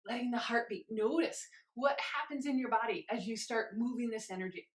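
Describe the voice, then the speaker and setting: A woman instructor leading a guided movement class, cueing each step gently and chanting rhythmic counts while moving along herself. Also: a little high, a little fast, few pauses, echoey room, rough recording.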